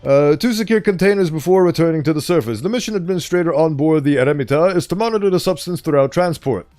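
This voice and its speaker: A man's voice: fairly high pitch, quick pace, darkish tone. A man reading horror fiction aloud, who stumbles over words and breaks off into chatty comments. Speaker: online reader and host. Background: faint background music.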